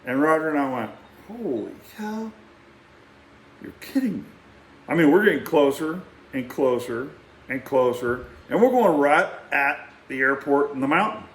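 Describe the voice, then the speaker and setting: A middle-aged man telling a rambling, animated story in a casual way and acting out quotes. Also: medium pitch, moderate pace, roomy sound. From Texas. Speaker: vlogger.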